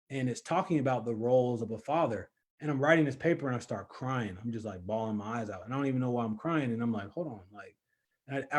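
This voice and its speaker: A young man speaking earnestly at a men's conference, sharing a personal testimony and often restarting and repeating words. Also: medium pitch.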